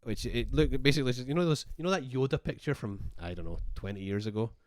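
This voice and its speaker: A man's voice: medium pitch, expressive, fast talker. A man co-hosting a casual podcast chat, rambling and breaking off mid-sentence, laughing often. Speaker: podcast co-host. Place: garage.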